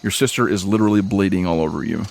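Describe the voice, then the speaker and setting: A man's voice: sits low, very fast, vocal fry, a little mellow. A man narrating as game master of a tabletop game, casual and easygoing with frequent uhs and laughs. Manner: casual, laughs between lines, lots of uh.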